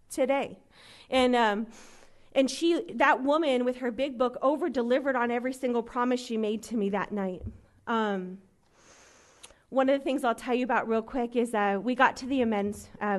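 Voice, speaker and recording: A woman from Los Angeles in her thirties, telling her personal recovery story to a meeting in an earnest, conversational way, with many fillers and quick voicings of the people in her story. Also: a little high. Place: meeting room.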